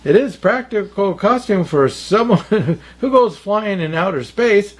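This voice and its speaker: A man's voice: high-pitched, expressive, a little slow, breathy edge, pitched above the performer's own voice, full character voice. A man voicing a jolly, plump old Santa Claus in a read-aloud storybook.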